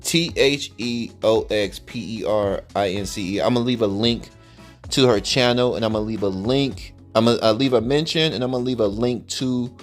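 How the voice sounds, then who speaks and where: A man's voice: on the low side, soft background music. Blunt, slangy male commentary host. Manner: blunt, slangy, drawn-out emphasis, mimics voices. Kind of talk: reaction commentary. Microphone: audio only, no camera.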